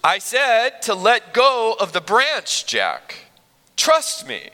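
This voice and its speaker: A pastor playing God calling down from above, calm and gently firm, his tone lowered and measured while his bright voice swings through a wide range. A long hall reverb trails each word. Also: exaggerated voice.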